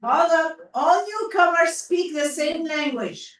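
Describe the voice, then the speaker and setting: A woman with an Arabic accent teaching a class in a lively, coaxing way. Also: very high-pitched. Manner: lively, coaxing, quick asides to pupils. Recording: roomy classroom from far off.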